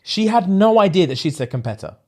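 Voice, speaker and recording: A young man tells a story on a podcast. His voice sits a little high and leaps up and down as he acts out the people in it. He laughs often and talks in a casual, animated way. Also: fast talker. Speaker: podcast host. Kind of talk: casual chat.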